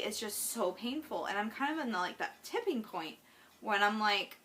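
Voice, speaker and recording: A woman speaking straight to her viewers in a personal video diary, her voice bright and forward. She talks in an earnest, heartfelt way, rambling a little and filling the gaps with "like" and "um". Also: a little high, lively intonation, a little fast. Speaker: vlogger.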